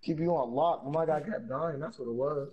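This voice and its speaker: A man playing a fighting game with a friend, cheering and cursing loudly at the match. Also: on the high side, brisk, highs cut off, slight background noise. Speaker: fellow player. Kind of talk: casual gaming banter.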